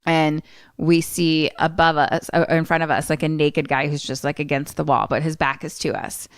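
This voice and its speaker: Woman podcast cohost swearing and acting out a movie plot, lowish smooth voice. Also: normal speed, no echo, studio quality. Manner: animated storyteller acting out characters, swears freely. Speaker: podcast co-host. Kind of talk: casual chat, retelling a film.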